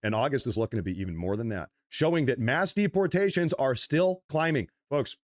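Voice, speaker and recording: A man co-hosting a livestream and reading out news in a measured, steady way. His voice sits at an ordinary middle pitch. The recording is dry and close, with no room sound. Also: no echo. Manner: measured, addresses audience as folks.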